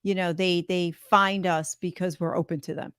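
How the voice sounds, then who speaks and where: A woman's voice: lowish voice, steady tone, normal speed, fairly bright tone, clear, resonant tone, no room sound, clean studio sound. A woman hosting a podcast interview, talking in a reflective way with many fillers. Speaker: podcast host. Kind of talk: casual interview chat.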